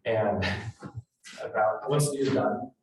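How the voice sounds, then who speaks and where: A man giving a live real estate training talk to agents, blunt and animated, acting out the people he quotes. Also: lowish voice, slow pace, heavy background noise. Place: training room with an audience. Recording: roomy, echoey hall from far off.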